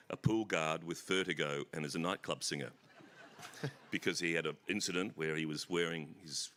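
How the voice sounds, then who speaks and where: A man's voice: low voice, sharp tone. An Australian author telling rambling, self-deprecating stories on a festival stage, often laughing at his own jokes. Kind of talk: rambling anecdotal stage conversation. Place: festival stage before an audience.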